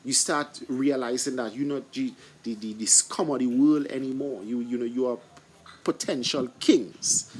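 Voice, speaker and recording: A man's voice: mid-range voice, steady tone, moderate pace, darkish tone, a little hiss or hum. A man giving an informal scripture study talk, often asking and answering his own questions and stumbling over repeated words. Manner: stumbling restarts and fillers. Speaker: scripture teacher.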